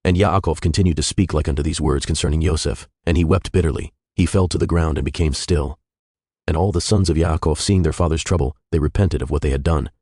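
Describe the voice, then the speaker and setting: Man with a super deep voice reading old scripture, quick steady delivery, dry close sound. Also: husky, no echo. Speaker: scripture reader. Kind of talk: scripted narration.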